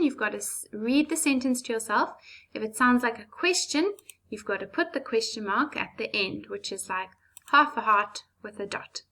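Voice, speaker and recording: A woman teaching an English lesson to young children, slow, clear and patient with playful asides. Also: a little high, a bit bright. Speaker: primary school teacher.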